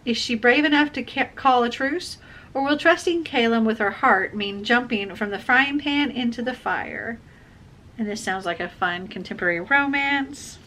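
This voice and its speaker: Bright-voiced woman unboxing books. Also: a little high, moderate pace. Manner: chatty and excitable, gushing over items. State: has the hiccups. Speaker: book unboxing vlogger. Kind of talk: casual unboxing chat.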